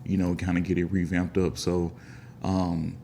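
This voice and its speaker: A man's voice: low-pitched, completely flat delivery, moderate pace, creaky, mellow, slight background noise. A man with a Memphis accent hosting a podcast, talking in a laid-back, slangy way and acting out other people's voices. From Memphis, Tennessee. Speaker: podcast host. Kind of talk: casual interview chat.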